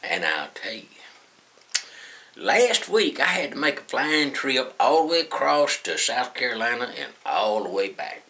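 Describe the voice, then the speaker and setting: A man's voice: medium pitch, animated, moderate pace, creaky, hardly any pauses, pushed and bright. A man telling a folksy story to the camera, chuckling as he goes. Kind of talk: casual anecdote told to camera.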